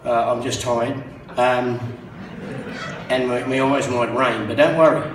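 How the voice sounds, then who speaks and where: Halting man telling a joke. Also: medium pitch, steady tone, noisy background. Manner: rambling, halting, self-interrupting. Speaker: speaker at a memorial tribute. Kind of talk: joke-telling tribute speech. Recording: roomy sound from a distant mic.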